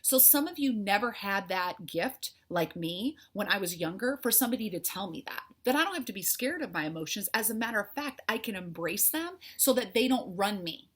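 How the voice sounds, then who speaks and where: Husky heartfelt woman coach. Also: mid-range voice, expressive, fairly quick, few pauses, fairly bright tone. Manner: heartfelt, conversational, faith-filled, with frequent "like" fillers. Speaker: life coach. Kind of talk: candid personal talk to followers.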